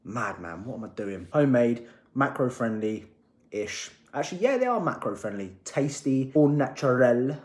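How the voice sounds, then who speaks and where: A man's voice: medium pitch, sing-song, normal speed, echoey room. A man, rambling and swearing cheekily in a casual vlog from his home kitchen. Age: 20s. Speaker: fitness vlogger.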